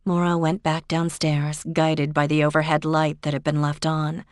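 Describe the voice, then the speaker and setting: A woman reading a mystery audiobook aloud in an even, steady way. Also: low voice, normal speed, few pauses, dry recording, clean studio sound. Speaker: audiobook narrator. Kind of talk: scripted narration.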